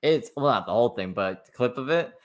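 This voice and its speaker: A man's voice: mid-range voice, animated, brisk. A man hosting, reacting to clips with sarcastic, mocking asides. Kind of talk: reaction commentary.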